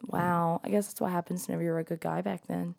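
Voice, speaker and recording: A woman co-hosting a casual chat who answers with playful, quick quips and reactions. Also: fairly low pitch, level tone, gravelly, darkish tone. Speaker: podcast co-host.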